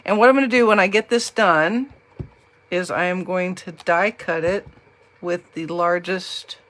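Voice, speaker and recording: A woman leads a live card-making demonstration, talking to her viewers in a chatty, joking way. Her voice sits on the low side. A faint hum runs behind her. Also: slow, fairly bright tone. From Southern US. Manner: chatty, jokey, talks to viewers. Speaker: crafting demonstrator.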